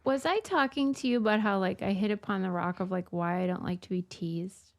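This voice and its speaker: A woman's voice: medium pitch, a little fast. A woman co-hosting a podcast, talking candidly and reflectively in casual chat, swearing now and then. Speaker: podcast co-host.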